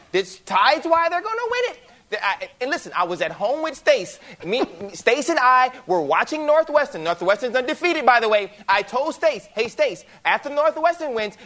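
A man's voice: very high voice, pushed and bright, heavily acted. A man doing a stubborn sports radio host. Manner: insistent, repetitive, pounding the point.

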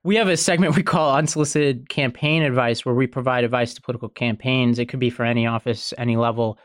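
Measured male political podcast host. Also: mid-range voice, fairly even intonation, smooth, no echo.

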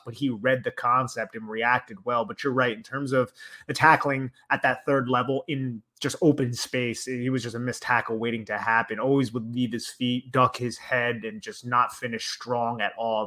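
A man's voice: mid-range voice, sharp tone. A man co-hosting a sports podcast, talking in a casual, upbeat way and breaking down plays with analytical detail. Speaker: podcast co-host.

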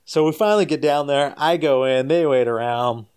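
Animated man telling a funny story. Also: moderate pace, smooth. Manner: animated, jumps much higher and louder when quoting people; laughs through the story, drops soft and low when winding down. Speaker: guest storyteller. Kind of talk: casual storytelling on a podcast.

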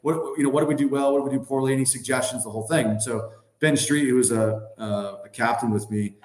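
A man's voice: mid-range voice, fast talker, darkish tone, reverberant. A man in his thirties, a podcast guest and former hockey player, telling a long story in a rambling, filler-heavy way. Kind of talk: casual anecdote telling.

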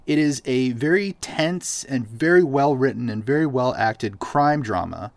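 A man's voice: medium pitch, animated, unhurried, gravelly, no room sound. A man from Boston hosting a podcast in casual chat, recommending things enthusiastically with lots of fillers. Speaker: podcast host.

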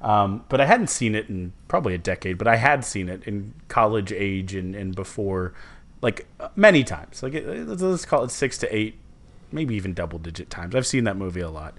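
Young man, low voice, rambling casual podcast chat. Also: moderate pace. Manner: rambling, self-correcting and animated. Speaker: podcast co-host.

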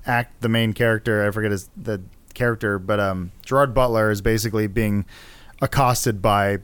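A man's voice: fairly low pitch, steady tone, normal speed, fairly bright tone, smooth, dry recording. A man co-hosting a podcast, recapping a movie plot in casual chat, rambling and correcting himself with wry asides. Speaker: podcast co-host.

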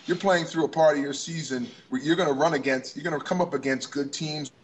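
A man's voice: fairly high pitch, steady tone, brisk. A man co-hosting a basketball podcast, upbeat, talking in long run-on thoughts. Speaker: podcast co-host. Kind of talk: casual sports chat.

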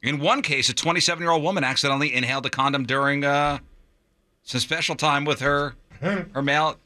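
Bright-voiced joking radio host man. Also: fairly high pitch, fairly even intonation, fairly quick, no echo, studio quality. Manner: jokey, laughs while telling stories. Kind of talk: casual radio banter reading odd news.

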